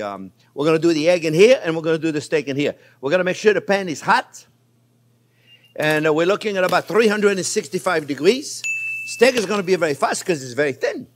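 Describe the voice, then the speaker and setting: An older man hosting a cooking show, chatting to viewers as friends while he cooks, easygoing and reassuring. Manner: lively pitch swings, laughs at his own slips. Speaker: cooking show host and chef. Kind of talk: casual cooking demonstration.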